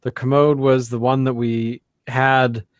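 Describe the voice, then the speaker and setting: A man's voice: mid-range voice, little pitch movement, unhurried, no echo. A man co-hosting a casual beer podcast, rambling with many fillers and restarts. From Canada. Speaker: podcast co-host. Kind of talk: casual chat.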